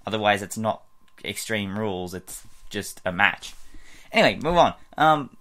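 A man's voice: on the low side, lively intonation, normal speed, fairly bright tone. A man casually talking through his wrestling predictions in a video blog, rambling with lots of fillers and restarts. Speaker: wrestling fan vlogger.

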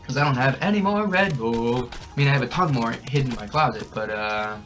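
Hyper young man shouting at a game. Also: medium pitch, a little fast, soft background music. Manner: excitable, shouts and cackles at the game. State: hyper on energy drinks. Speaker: gaming channel host. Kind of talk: hyper gameplay commentary. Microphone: desk mic with a camera nearby.

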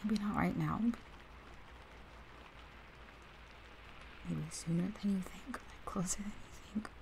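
Whispered role-play: woman playing a protective best friend, warm fry-edged voice, faint hiss. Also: medium pitch, normal speed, natural voice. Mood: soft, tender. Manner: heated then tender, talks straight to the listener. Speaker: ASMR role-play performer.

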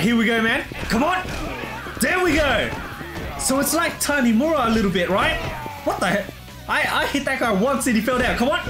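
A man gives casual, excitable commentary while playing a video game. He laughs often and drops "bro" and "man" into nearly every line. Game music plays clearly behind his voice. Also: very high-pitched. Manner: excitable, laughs a lot, says "bro" constantly. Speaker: gameplay streamer. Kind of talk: casual let's play commentary.

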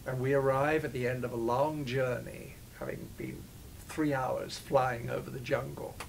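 An older man, an actor, reminisces in an interview about past shoots, digressing freely and often restarting broken-off sentences. His medium-pitched voice is gravelly and level in tone, with slight background noise.

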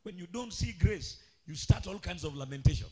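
A man preaches in a church, his husky, fairly high voice leaping between shouted calls to the congregation and hushed asides. He slides into a sing-song chant at times, his pitch swinging widely. Faint music plays underneath. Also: expressive, a little fast. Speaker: pastor. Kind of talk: charismatic sermon. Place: church sanctuary.

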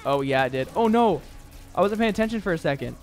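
A man streams a video game, offering casual let's-play commentary at a fast clip in a high-pitched, lively, slightly mellow voice. He's often exasperated and pokes fun at himself, with faint music playing behind him.

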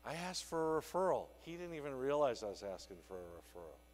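A man giving a conference keynote on sales, telling an animated story that acts out a conversation with a client. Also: mid-range voice, quick pace, big-room sound. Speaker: sales trainer. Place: conference hall.

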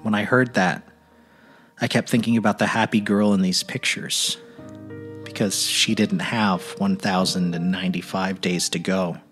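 A man giving a dramatic reading of a troubled teenage boy's letters, in a quiet, earnest, halting way. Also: low voice, level tone, faint music behind. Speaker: narrator.

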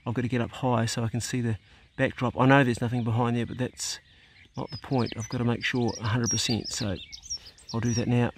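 A hunting vlogger films himself outdoors on a farm, giving casual commentary, swearing freely and talking to his dog. His voice is medium-pitched with a level tone and a fairly quick pace, and there is slight background noise.

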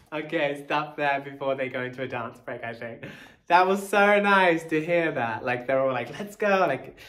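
A professional dancer commenting on a dance video for viewers, chatty and admiring, breaking into loud delighted exclamations. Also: mid-range voice, moderate pace.

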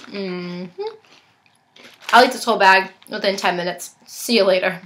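A woman's voice: medium pitch, measured pace, fairly bright tone, a little hiss or hum. A young woman reviewing snacks in a casual unboxing vlog, chatting and tasting as she goes, sometimes talking with her mouth full. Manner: chatty, talks while chewing.

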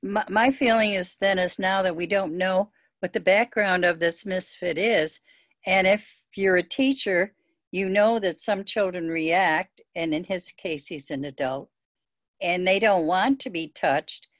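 A woman's voice: fairly low pitch, measured pace, no room sound. A woman taking part in a seminar discussion, offering her view a little tentatively. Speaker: seminar participant. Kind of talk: casual discussion comment.

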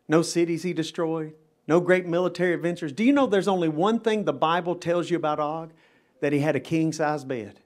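Fervent middle-aged man preaching in chapel. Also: fairly high pitch. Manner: emphatic, dramatic preaching with rising intensity. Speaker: pastor. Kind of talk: live chapel sermon. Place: chapel service.

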